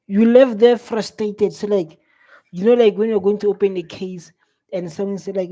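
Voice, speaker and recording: A man's voice: high-pitched, steady tone, normal speed, warm tone. South African man scolding in reaction commentary. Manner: exclaiming, scolding, repetitive. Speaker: reaction video host.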